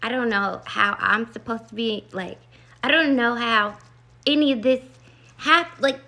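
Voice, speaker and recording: A woman's voice: on the high side, a little slow, sharp tone. A woman vlogger telling a rambling, earnest story about meditation and love, full of "like" and asides. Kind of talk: casual storytelling to camera.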